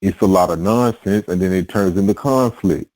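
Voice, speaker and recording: Deep laid-back man, slangy. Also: moderate pace, darkish tone, no echo, poor audio. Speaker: podcast host. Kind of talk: casual conversation.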